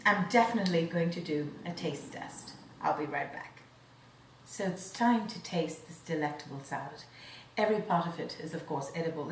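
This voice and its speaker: A woman's voice: fairly low pitch, a little hiss or hum. A woman hosting a cooking show who demonstrates a dish and savors the food aloud in an effusive way. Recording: roomy sound, mic at a distance.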